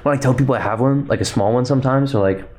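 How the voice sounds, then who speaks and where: A young man hosting a casual solo podcast, talking quickly and rambling with a slight lisp. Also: medium pitch, darkish tone. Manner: rambling, fast-talking, self-interrupting. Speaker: podcast host.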